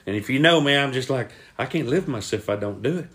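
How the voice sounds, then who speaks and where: A man spins a story on a podcast, his pitch leaping all over the place. He throws himself into the voices of the people in his tale. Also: animated, quick pace. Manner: acts out voices, shouting quoted lines high. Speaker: podcast co-host. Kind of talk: animated storytelling.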